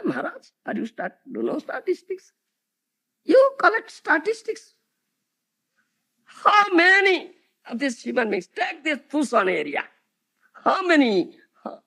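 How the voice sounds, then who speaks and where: A man's voice: extremely high pitch, huge pitch swings, normal speed, creaky, pauses often, pushed and bright. A man giving a devotional lecture as a spiritual teacher, peppering it with rhetorical questions like "huh?" and "isn't it?" to his audience.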